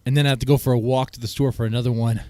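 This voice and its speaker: A man's voice: medium pitch, level tone, very fast, warm tone, dry recording. A man hosting a casual stream chat, joking often and laughing with his co-hosts. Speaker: stream host.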